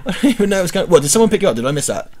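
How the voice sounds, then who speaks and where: A man's voice: high voice, sing-song, rapid-fire, a little mellow. A man hosting a casual gaming commentary, joking and swearing through rambling banter. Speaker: host.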